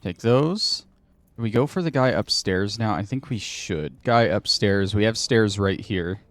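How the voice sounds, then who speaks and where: A man's voice: fairly low pitch, animated, a little slow, no echo. A man hosting a gaming channel, thinking aloud and muttering to himself in casual commentary while he plays.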